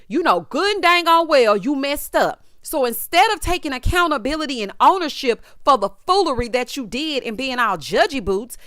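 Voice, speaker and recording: A sassy woman gives a casual reality show recap, calling people out directly. Her voice is smooth and clear, a little high, and it swings up and down a lot. It is recorded close and dry, with no room sound. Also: a bit bright, no room sound. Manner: sassy, direct, talks straight to the people on screen.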